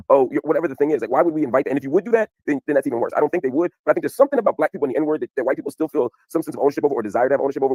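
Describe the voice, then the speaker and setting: A man explaining his side of a television exchange in an emphatic, animated way. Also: medium pitch, rapid-fire, few pauses, dry recording, studio quality. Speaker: commentator explaining a TV appearance. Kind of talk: fast explanatory commentary.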